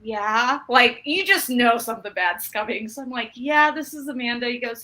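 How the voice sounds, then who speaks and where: A woman from Utah, giving a business training talk and acting out an animated story with quoted dialogue. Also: a little high, moderate pace, hardly any pauses, low-quality recording.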